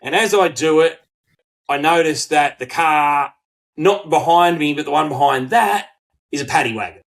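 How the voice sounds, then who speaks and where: A middle-aged Australian man co-hosting a podcast, telling a story in casual chat, swearing freely and acting out quotes in animated bursts. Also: on the high side, moderate pace, vocal fry, poor audio. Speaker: podcast co-host.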